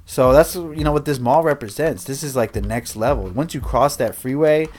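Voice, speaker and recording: A man's voice: mid-range voice, moderate pace, darkish tone. A man livestreaming a building game, chatting casually with viewers in a rambling, self-interrupting way. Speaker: streamer.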